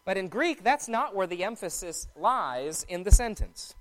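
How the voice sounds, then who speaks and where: A man preaching a sermon in a measured, explanatory teaching tone. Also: sits high, sing-song.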